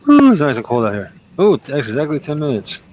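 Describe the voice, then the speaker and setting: A man's voice: a little high, huge pitch swings, fast talker, darkish tone, highs cut off, slight background noise. A man chatting casually as a trucker streamer, telling stories with lots of laughter and acted-out quotes. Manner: jokey storyteller, laughs often, acts out quotes. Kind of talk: casual chat. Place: in a truck cab on the road.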